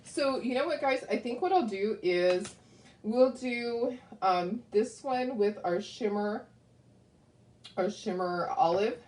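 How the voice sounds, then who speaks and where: A woman with a medium-pitched, expressive, slightly mellow voice speaks at a slow pace in an echoey room. She's hosting a casual craft livestream, talking to viewers with plenty of ums and asides, but she is grieving and close to tears.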